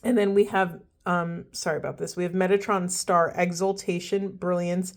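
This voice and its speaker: A woman's voice: lowish voice, flat delivery, moderate pace. A woman giving an oracle card reading to her viewers, earnest and heartfelt, often stopping to restart her sentences. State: teary-eyed. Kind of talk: spiritual card reading to camera.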